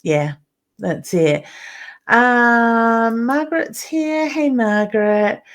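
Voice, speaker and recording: A woman's voice: fairly high pitch, drawn-out words. A middle-aged Australian woman hosting a live stream as a psychic medium, chatting with viewers, reading out their comments and calling them honey.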